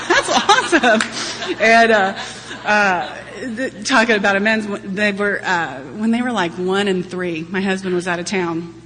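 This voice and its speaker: A woman's voice: lowish voice, a little slow, bright, forceful tone. Candid woman sharing her story in a hall. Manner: candid, humorous storytelling with frequent laughter. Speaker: speaker sharing at a recovery-group meeting. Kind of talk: personal testimony to an audience. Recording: long hall reverb, faint hum.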